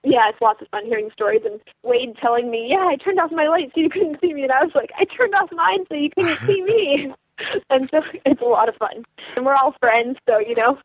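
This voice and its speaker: Teen girl guest on a dry phone line; high, animated, quotes her own thoughts. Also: fairly quick, no echo. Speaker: dog sled racer, interview guest. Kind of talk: storytelling over the phone.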